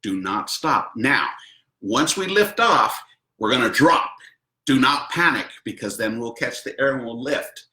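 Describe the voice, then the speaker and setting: A man's voice: mid-range voice, animated, a little slow, sharp tone, echoey room. A man hosting a video, telling a personal story casually and animatedly, acting out quotes and laughing often. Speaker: host.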